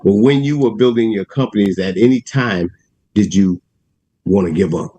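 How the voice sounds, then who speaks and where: A man hosting an interview who reads out audience questions in a relaxed, rambling way. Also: lowish voice, moderate pace, rough recording. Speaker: interview host.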